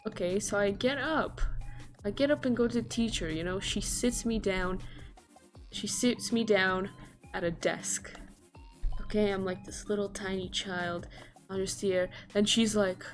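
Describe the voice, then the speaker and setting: A young woman streamer telling a childhood story on stream, acting out the voices with gasps and loud jumps. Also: mid-range voice, unhurried, faint music behind.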